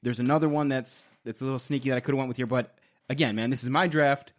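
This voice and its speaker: A man co-hosting a casual sports chat, relaxed and enthusiastic, trailing off with fillers. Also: mid-range voice, fast. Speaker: co-host.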